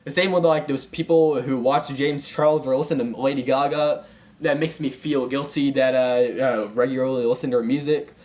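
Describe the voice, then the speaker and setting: A man's voice: mid-range voice, fairly even intonation, normal speed, darkish tone. A young man in a comedic rant, exasperated and full of fillers and restarts. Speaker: commentary vlogger.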